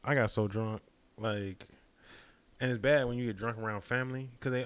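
A man's voice: medium pitch, fairly even intonation, moderate pace, smooth. A young man co-hosting a podcast, joking around in slangy casual banter. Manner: joking, slangy, slips into mock British accent. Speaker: podcast co-host.

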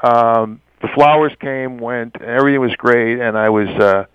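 A man spins an animated anecdote as an interview guest, stammering and acting out the voices of the people in it. His voice sits at an ordinary mid pitch. The sound is dull and slightly muffled, with no room echo. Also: moderate pace, clean tone. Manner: acts out quoted voices, stammers and laughs often.

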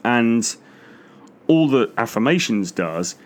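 A man's voice: medium pitch, very animated, slow pace. A middle-aged man giving frank, self-mocking dating advice in a casual monologue, swearing freely.

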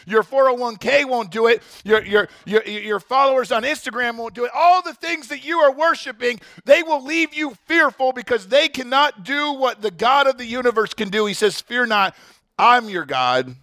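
A man's voice: very high-pitched, moderate pace, few pauses, fairly bright tone, no echo, clean studio sound. A man preaching a sermon as pastor, emphatic, often restarting his words.

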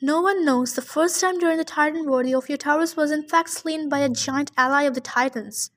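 A woman's voice: sits high, fairly quick, fairly bright tone. A woman voicing a solemn immortal huntress girl who speaks in a formal, old-fashioned way. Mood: grave, explaining.

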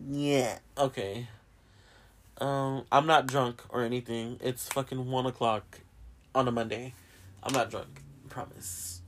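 A young man hosting a podcast in casual chat, rambling and swearing a lot and often laughing. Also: mid-range voice. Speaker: podcast host.

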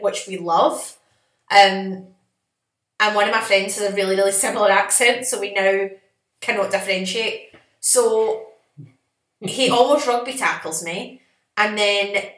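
Sassy woman podcaster in echoey room. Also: medium pitch. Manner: animated, sassy, self-mocking. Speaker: podcast co-host. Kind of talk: casual storytelling chat.

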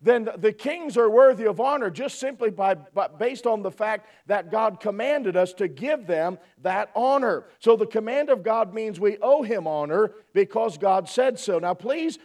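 Emphatic high-voiced preacher in church. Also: male voice, animated, a little slow, hardly any pauses, a little mellow, far from the mic. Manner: emphatic, repeats phrases, frequent "amen?". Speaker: pastor. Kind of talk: sermon.

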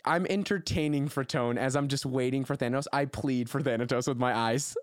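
A man's voice: medium pitch, a little fast, no echo, studio quality. A man playing a tabletop game, joking and acting out his character. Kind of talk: casual chat.

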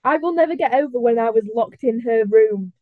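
A young woman, a guest on a casual podcast, candid and animated as she tells stories. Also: fairly high pitch, brisk, crowd noise. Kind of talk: casual film podcast chat. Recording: dry phone-like remote audio.

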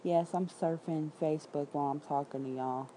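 Her voice sits low, steady and warm, captured in a rough recording with slight background noise. This Southern-accented independent writer from Memphis, Tennessee streams casually to viewers, reading comments and headlines out loud with blunt, profane quick asides.

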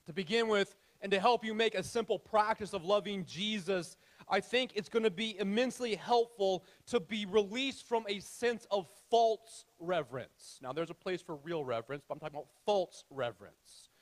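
A man with a notably high voice preaches a sermon. He leans hard on key phrases, repeats them, then sinks to a near-whisper. He keeps turning to his listeners with direct questions. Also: normal speed. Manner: emphatic, repeats key phrases, drops to soft hush; addresses the audience directly with questions. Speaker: pastor.

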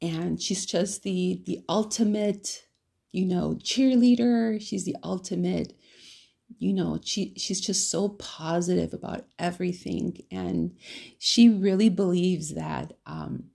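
A woman's voice: lowish voice, slow, vocal fry, mellow, breathy edge. A woman hosting her own podcast in a casual solo monologue, speaking lovingly and rambling with many fillers and restarts. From California. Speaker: podcast host.

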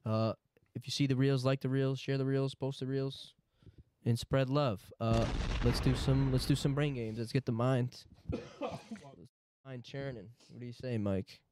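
A man's voice: medium pitch, a little slow, no room sound. A young man hosting a casual podcast, opening the episode and reading out the plugs. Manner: relaxed, reads out the show's plugs. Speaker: podcast host. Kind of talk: casual chat.

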